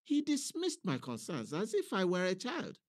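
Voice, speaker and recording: A man's voice: high voice, huge pitch swings, moderate pace, voice pushed up. A man voicing an aggrieved, earnest junior pastor in a monologue.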